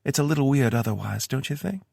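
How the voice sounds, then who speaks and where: A playful young woman with a Kentucky accent teases her lover, bright and high, bouncing between mock seriousness and fun, as a male narrator puts her on. The voice is slightly husky and dry, read close to the mic. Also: expressive, fast talker, no room sound. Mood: teasing. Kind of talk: audiobook character voice.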